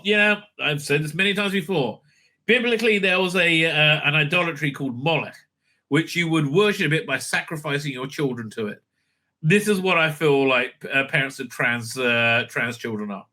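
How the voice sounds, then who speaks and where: A man's voice: fairly high pitch, normal speed, sharp tone. A man hosting his own channel, giving angry, profane reaction commentary over clips, full of sneers and stammered fillers.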